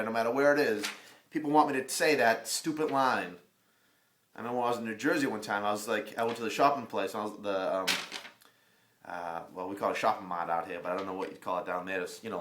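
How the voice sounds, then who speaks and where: A man's voice: on the low side, fairly bright tone, a little hiss or hum. A middle-aged man with a Boston accent, a real estate agent giving rambling, joking advice in a live casual video from a room across the hall from his office. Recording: echoey room.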